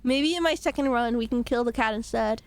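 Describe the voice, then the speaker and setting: A woman live-streaming a game, chatty and giggly, reading chat aloud and rambling playfully. Her voice sits a little high, with a slight hoarseness from a cold. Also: brisk.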